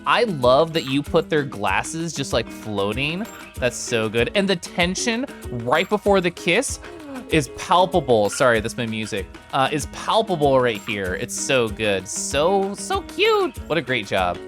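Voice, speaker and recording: A man streaming a video game, chatting casually and excitedly while reading chat aloud and giggling. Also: medium pitch, measured pace, faint music behind.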